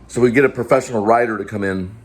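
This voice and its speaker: On his own show, this man, a filmmaker and host, rambles through a film production meeting, thinking out loud and restarting often in a casual way. He speaks fast in a husky voice that sits on the low side.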